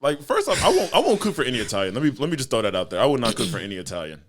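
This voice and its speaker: A man's voice: mid-range voice, huge pitch swings, very fast. A man with a Texan accent hosting a podcast, joking and teasing his guests in casual chat, laughing often. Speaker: podcast host.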